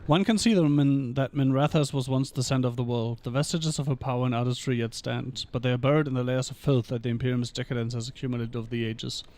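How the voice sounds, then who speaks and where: A man with a mid-pitched voice reads fantasy game lore aloud during a stream. He moves through long passages at an even reading pace. Between entries he drops short, dry remarks of his own. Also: fast, hardly any pauses.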